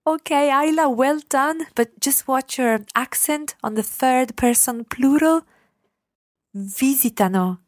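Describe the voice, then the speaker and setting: A woman co-hosting a language lesson, unhurried, laughing easily as she offers words. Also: high-pitched, steady tone, no room sound, clean studio sound. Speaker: co-host and language teacher. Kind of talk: casual lesson chat.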